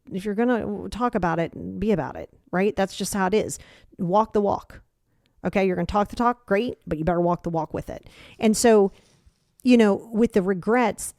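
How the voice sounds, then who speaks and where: A woman's voice: mid-range voice, darkish tone, dry recording, studio quality. A middle-aged woman hosting a solo podcast, giving blunt, emphatic tough-love advice about emotions as a coach.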